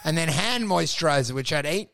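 Gravelly man telling a loud story. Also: fairly high pitch, fairly quick. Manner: animated, loud storytelling with profanity and acted quotes. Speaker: podcast co-host and stand-up comedian. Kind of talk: casual chat.

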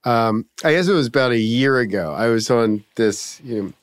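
A man in casual conversation, telling a story in a rambling, halting way. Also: mid-range voice, lively intonation, no echo, clean studio sound. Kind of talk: casual chat.

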